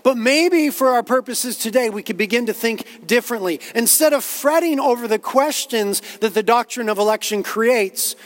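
A pastor preaches an earnest sermon, repeating himself and quoting others to build toward his point. His voice sits high and carries a long reverb tail.

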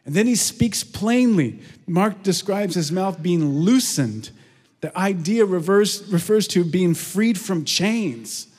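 Pastor guy preaching, slightly high voice, long echo off a big hall, earnest. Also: slow pace, husky. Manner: earnest, lively storytelling with hushed prayerful lows. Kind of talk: sermon. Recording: long reverb of a large hall.

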